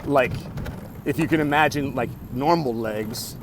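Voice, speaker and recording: A man's voice: mid-range voice, a little slow. A man telling a rambling, profane story to his camera during a bike ride in the city, full of restarts and self-talk. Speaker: vlogger. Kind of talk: casual storytelling vlog. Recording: outdoor city noise behind.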